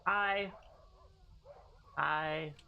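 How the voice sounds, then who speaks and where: A woman's voice: low voice, drawn-out words, vocal fry, dull audio, slight background noise. Playful swearing woman streamer. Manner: playful, sarcastic, swears casually. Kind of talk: casual gaming stream chat.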